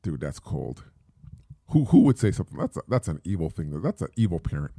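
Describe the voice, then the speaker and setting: A man's voice: low-pitched, big pitch swings, fairly quick, creaky, mellow, slightly rough, no echo, clean studio sound. A middle-aged man hosting a solo podcast, talking in a rambling, casual way with many fillers and repeats. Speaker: podcast host.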